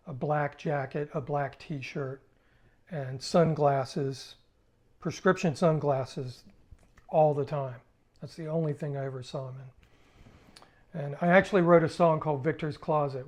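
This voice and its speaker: An older man, a musician, recalling his past in a casual, halting spoken story with restarts. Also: on the high side, a little mellow.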